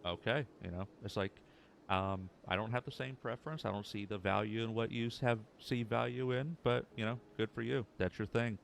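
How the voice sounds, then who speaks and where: A man's voice: on the low side, steady tone, brisk, creaky, slight background noise. A young man telling a casual story in a laid-back, rambling way, full of fillers. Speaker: streamer in a recorded clip.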